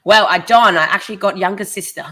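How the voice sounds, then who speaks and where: A woman's voice: mid-range voice, fast, a bit bright. A woman from Thailand speaks English with a Thai accent. She answers viewers' questions frankly in a casual live chat and teases her husband in a tired, easygoing way. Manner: teasing, candid, tired.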